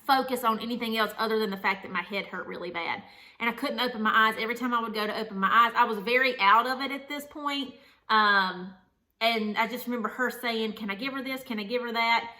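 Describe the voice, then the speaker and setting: A woman's voice: a little high, sharp tone. A young woman vlogger telling her own story in an earnest, rambling way, with lots of "like" fillers. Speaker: vlogger, new mother. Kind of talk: candid personal storytelling.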